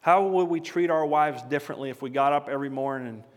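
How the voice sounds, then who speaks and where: Earnest preacher in a reverberant hall. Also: male voice, a little high, quick pace. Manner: earnest, conversational preaching with rising emphatic peaks. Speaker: pastor. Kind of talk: sermon.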